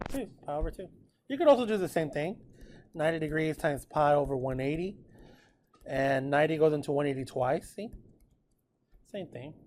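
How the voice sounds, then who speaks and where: A man teaching a precalculus class in a relaxed, chatty way, often checking in with his students. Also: a little high, normal speed, pauses often. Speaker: math teacher. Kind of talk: classroom lecture recorded with notes.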